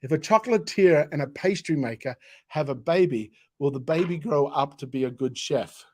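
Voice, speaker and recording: A man's voice: fairly high pitch, expressive, normal speed, darkish tone. An Australian man presenting products on a casual live stream, joking, chuckling and rambling through asides.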